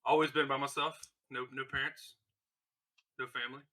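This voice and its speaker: A man's voice: mid-range voice, level tone, normal speed, pushed and bright. A man introducing his character as a player, joking and laid-back.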